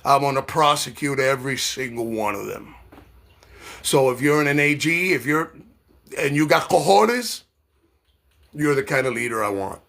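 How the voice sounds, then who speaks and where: Man from New York, political rant, profane, fiery, loud then low and slow, mid-pitched voice. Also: expressive, vocal fry. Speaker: political commentator.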